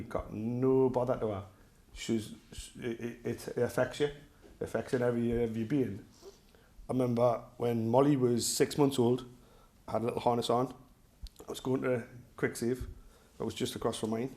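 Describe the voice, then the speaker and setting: Jokey Geordie self-defence instructor. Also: male voice, medium pitch, mellow. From North East England. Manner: rambling, jokey, laughs at own stories. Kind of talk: casual class talk with anecdotes.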